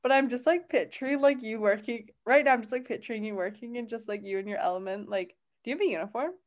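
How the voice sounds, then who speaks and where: A woman's voice: on the high side, quick pace, lo-fi sound. A young woman co-hosting a podcast, rambling in casual chat with many fillers and apologies. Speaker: podcast co-host.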